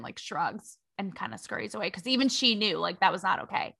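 A young adult woman hosting a podcast, telling a story in a sassy, slangy, animated way. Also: mid-range voice, fairly quick. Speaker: podcast host. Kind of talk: casual storytelling commentary.

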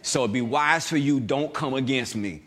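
A male pastor preaching a lively sermon, reading scripture slowly with emphasis and tossing call-and-response asides to the congregation. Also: mid-range voice, husky.

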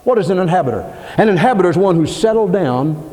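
Older preacher booming through a hall. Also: male voice, expressive, quick pace. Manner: dramatic, swings between loud high emphasis and low asides. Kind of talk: sermon. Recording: long hall reverb.

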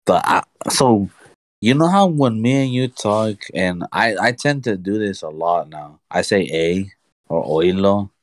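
Lively storytelling man, dry close sound. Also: lowish voice, unhurried, no echo. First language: Spanish. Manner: animated storyteller, acts out dialogue, laughs often. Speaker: podcast co-host. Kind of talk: casual chat.

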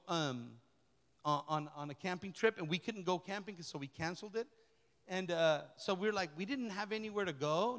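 A middle-aged man, a pastor, delivering a lively, colloquial sermon that repeats key phrases. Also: on the high side. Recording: long reverb of a large hall.

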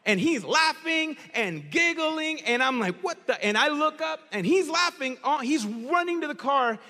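A bright, high-voiced male pastor preaching with lively storytelling energy and bursts of shouting. His voice rings out with a long hall reverb around it. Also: unhurried. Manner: animated storytelling, shouts in places. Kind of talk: sermon.

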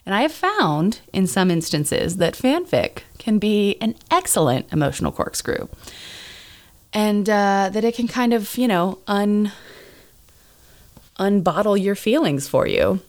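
A woman's voice: mid-range voice, big pitch swings, measured pace. A woman podcast host in casual chat, rambling and self-deprecating, with many fillers and restarts.

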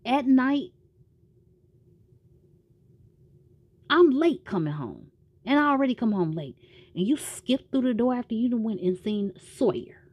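A woman's voice: fairly low pitch, sing-song, unhurried, slightly rough, no room sound, lo-fi sound, exaggerated voice. Woman quoting an angry, jealous doctor. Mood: accusing. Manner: confrontational, crude.

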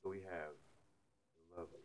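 A man's voice: low voice, fairly even intonation, fairly quick. A man from Brooklyn co-hosting a podcast in playful casual chat, often talking over others. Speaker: podcast co-host.

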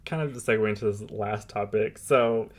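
Male podcast co-host, low-ish voice, relaxed rambling delivery with lots of "like". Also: moderate pace. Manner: loose, filler-heavy, animated retelling. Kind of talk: casual podcast chat.

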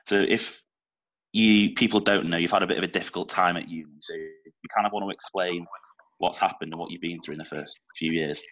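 A man's voice: low-pitched, fairly even intonation, fairly quick, a bit bright, poor audio. A young man with a Manchester accent hosting a casual podcast interview, chatty and informal. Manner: chatty, informal, with small slips. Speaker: podcast host.

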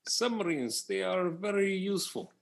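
A man putting on a deadpan Russian-accented stranger. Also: high-pitched, normal speed, creaky, voice pushed up, heavily acted.

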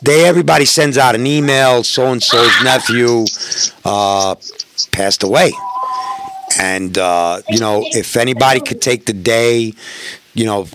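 A man's voice: mid-range voice, measured pace, noisy background. A middle-aged man, telling profane road stories in casual podcast chat and acting out the dialogue. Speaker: podcast guest.

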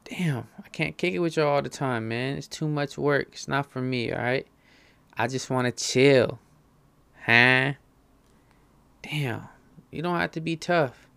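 A man's voice: mid-range voice, unhurried, creaky, long pauses, bright, forceful tone, clear, resonant tone, no room sound. A man hosting a comic monologue, rambling in slangy, profane talk.

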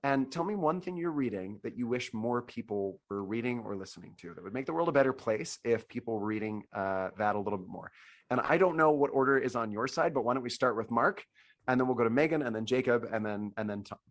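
A man with laryngitis leaves his voice scratchy and hoarse. He hosts a casual panel over a video call. He speaks at a quick clip, circling back and rephrasing as he goes. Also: medium pitch, animated. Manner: rambling, restarts often. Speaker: host.

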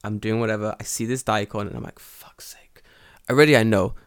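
A man from England telling stories in a casual chat, animated and profane, acting out quotes in high voices. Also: rapid-fire, smooth.

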